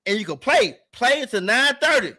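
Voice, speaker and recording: A man's voice: extremely high pitch, a little fast. A young man, telling stories in casual chat with lots of exclamations. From USA. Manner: animated storyteller, exclaims and laughs often. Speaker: guest.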